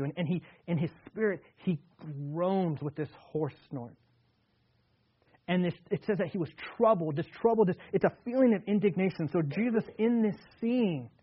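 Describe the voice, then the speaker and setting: A man's voice: high-pitched, slightly rough. Earnest male pastor on tinny radio. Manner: earnest, repetitive restarts, swings between loud emphasis and hushed tones. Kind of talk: sermon. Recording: tinny phone-like radio broadcast.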